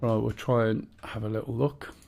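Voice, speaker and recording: This man's voice sits on the low side, creaky and a little mellow, with little pitch movement at a normal speed. Streaming a game, he keeps the gameplay chat casual, coaching a teammate on controls while musing aloud with fillers.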